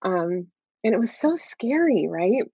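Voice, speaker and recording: A woman's voice: medium pitch, sing-song, measured pace, warm tone, husky, dry recording. Candid woman telling her story. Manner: candid, often adds "right?". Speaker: guest. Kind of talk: personal story in an interview. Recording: dull, dry, lo-fi sound.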